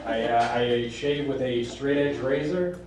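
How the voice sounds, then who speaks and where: A man performing a stand-up comedy set on stage, with a deadpan delivery that jumps into high squeaky voices when he quotes people. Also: measured pace, very noisy. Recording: live club recording from a distance, echoing room, crowd laughter. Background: audience laughter.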